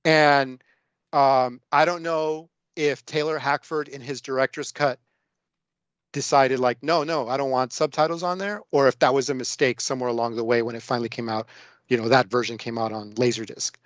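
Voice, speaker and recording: A man's voice: medium pitch, little pitch movement, normal speed, a bit bright, dry recording, dull audio. Chatty man rambling through a story. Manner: rambling storytelling with many fillers. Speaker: guest film discussant. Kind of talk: casual podcast film chat.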